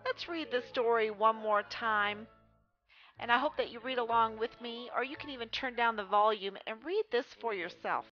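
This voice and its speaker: A woman teaching a phonics lesson, reading words slowly and stressing each one for young readers. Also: fairly high pitch. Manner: slow, careful, stresses each word. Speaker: reading tutor. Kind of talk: phonics lesson read aloud. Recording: dull lo-fi sound with faint music.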